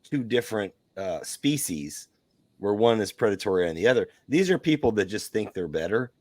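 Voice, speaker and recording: A man's voice: fairly low pitch, big pitch swings, normal speed, darkish tone, no room sound. A man co-hosting a casual podcast, talking earnestly and emphatically. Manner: earnest, emphatic, repeats himself for stress. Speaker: co-host. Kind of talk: casual chat, political venting.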